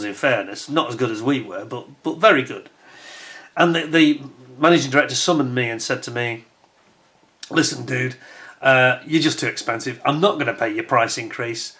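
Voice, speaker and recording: A man's voice: mid-range voice, a bit bright. Middle-aged man, casual storyteller, mid-range voice, self-assured asides, chatty. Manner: chatty, repeats "he said", acts out quoted dialogue. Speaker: channel host giving business advice. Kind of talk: casual anecdotal storytelling to camera.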